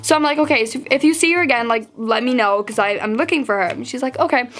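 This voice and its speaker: A teenage girl telling a story to camera in a chatty, animated way, full of fillers and acted-out quotes. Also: a little high, fast, faint music behind. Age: teens. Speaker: vlogger. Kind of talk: storytime vlog.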